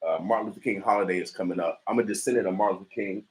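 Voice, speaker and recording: Hosting a community radio morning show, a man with an Omaha, Nebraska accent delivers fired-up, emphatic commentary full of stammers and fillers. His deep voice holds a steady tone as he races along, and the audio is poor.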